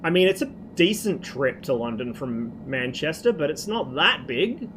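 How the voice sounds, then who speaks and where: A man's voice: on the high side, sing-song, normal speed. A man from Australia chatting casually on a stream, telling rambling, profane stories. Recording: noisy background.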